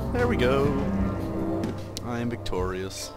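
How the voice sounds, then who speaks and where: A man doing let's play gaming commentary, excitable and swearing often, yelping when he fails. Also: lowish voice, measured pace, long pauses, music in the background. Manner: excitable, swears a lot, yelps at failures.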